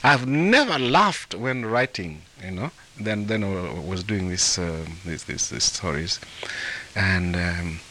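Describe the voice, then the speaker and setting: A man from Africa tells a folktale in an interview, chuckling and often repeating words. His fairly low voice swings widely in pitch, with a bright, forceful edge. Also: animated, slow, slight background noise. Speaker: author and translator of folktales. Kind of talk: storytelling in an interview.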